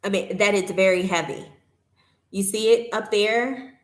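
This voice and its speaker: A woman vlogger talking casually to her viewers, retelling a complaint with animated indignation. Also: medium pitch, a little slow, reverberant. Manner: animated, indignant retelling, reads chat aloud.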